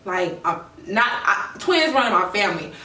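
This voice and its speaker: A woman's voice: medium pitch, very animated, normal speed, pushed and bright. Young woman telling a story in an echoey room. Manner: candid, emotional storytelling addressed to viewers. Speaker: vlogger. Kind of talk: storytime vlog. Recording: echoey room, mic at a distance.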